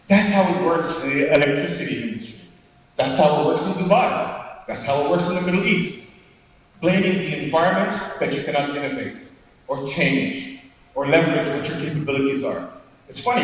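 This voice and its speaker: A man giving a motivational keynote talk at a conference, animated, putting questions to the audience and acting out quotes. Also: fairly high pitch, a little fast. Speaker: keynote speaker. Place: large conference hall. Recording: echoey hall, distant mic, dull sound.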